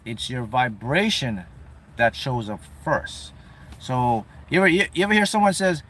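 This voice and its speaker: A man giving a motivational talk on manifesting, acting out his clients' voices with lively energy. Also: medium pitch, normal speed. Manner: animated, acts out clients' voices. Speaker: manifestation coach.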